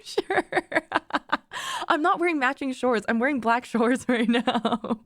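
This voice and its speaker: A woman's voice: sits high, animated, slow pace, fairly bright tone, no room sound, studio quality. A young woman streamer reading a story aloud and breaking off into laughing, swearing, rambling asides. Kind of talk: reading fanfiction aloud with reactions.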